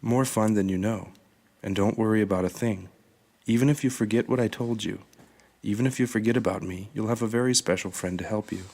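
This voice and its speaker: A man voicing a kind, gently joking God in a children's storybook reading, speaking in a warm, reassuring manner. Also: on the low side, fairly quick, creaky.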